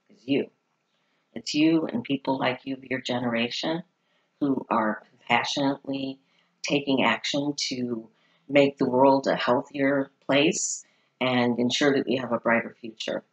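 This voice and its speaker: A parent reading a prepared congratulation letter aloud in a heartfelt, measured way. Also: medium pitch, dull audio. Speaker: parent sending a congratulation message.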